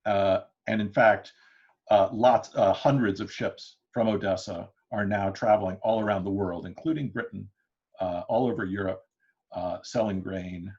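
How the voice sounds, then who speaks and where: A history lecturer with a fairly low pitch and a darkish tone speaks steadily at normal speed. His interactive classroom talk is loose, full of fillers and false starts, and broken up by frequent chuckles. The lecture recording sounds dull and lo-fi.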